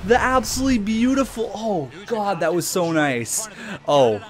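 A young man runs loud, profane commentary over a hockey video game. His voice sits a bit high, and he hypes his own plays while trash-talking the other side. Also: big pitch swings, unhurried. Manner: hyped, swearing, trash-talking, laughing bursts. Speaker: gaming YouTuber.

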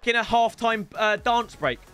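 A young man giving excitable commentary on his own football video game matches, with shouting outbursts and joking banter. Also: extremely high pitch, measured pace. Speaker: gaming YouTuber.

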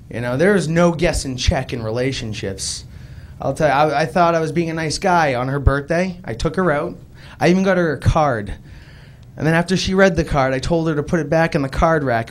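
This young man's voice sits on the high side, with a little hiss or hum on the recording. Performing stand-up live on a club stage in a Boston accent, he tells self-deprecating stories and acts out the voices with animation.

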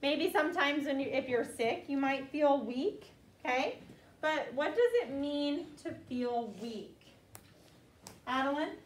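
A woman's voice: sits high, animated, measured pace, a little hiss or hum. A woman teaching children a vocabulary lesson, patiently drilling each word in call-and-response and repeating it often. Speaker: elementary school teacher. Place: classroom with children. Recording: echoey room, voice from far off.

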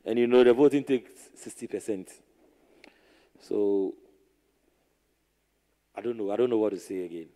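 A man serving as competition judge, speaking hesitantly with halting repeats. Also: on the low side, dark tone.

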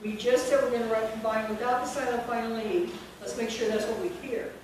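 A woman's voice: on the high side, fairly even intonation, brisk. Woman teacher trainer, quizzing style, distant and roomy, noisy recording. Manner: questioning, drilling the group step by step. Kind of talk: spelling workshop for teachers. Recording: echoey room recorded from afar, noisy.

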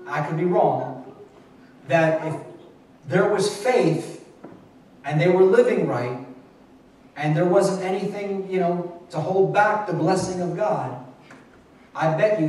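Male pastor, plain talking sermon style with restarts; recorded from afar in a very reverberant church room. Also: fairly high pitch. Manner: conversational and repetitive, with frequent restarts. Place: church hall at a midweek Bible study. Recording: echoey church room, mic far off.

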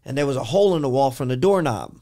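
A man on a podcast casually telling a story in an animated, rambling way, full of "like" and restarts. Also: mid-range voice, quick pace. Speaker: podcast host.

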